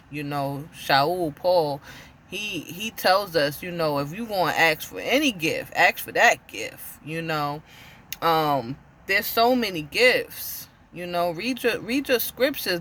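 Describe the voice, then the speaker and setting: A woman giving an informal sermon to camera, earnest and full of direct questions, often repeating herself and pausing with "you know" and "um". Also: lowish voice, fairly bright tone. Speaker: spiritual teacher.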